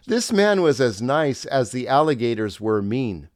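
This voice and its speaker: A man's voice: mid-range voice, sing-song, measured pace, hardly any pauses, no echo, clean studio sound. A middle-aged man, a former pastor, narrating his memoir in a wry, reflective storytelling manner.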